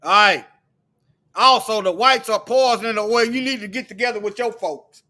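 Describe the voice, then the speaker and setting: A man delivering a heated, preachy monologue to his viewers, firing off repeated rhetorical questions and sometimes shouting. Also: high-pitched, normal speed. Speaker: video commentator.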